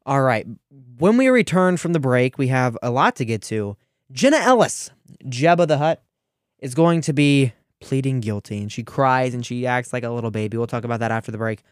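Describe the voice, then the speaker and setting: A man's voice: mid-range voice, moderate pace, smooth, no echo, clean studio sound. Teenage man hosting a sarcastic political rant. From Ohio, US. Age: teens. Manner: animated, sarcastic, with frequent restarts. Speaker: radio show host.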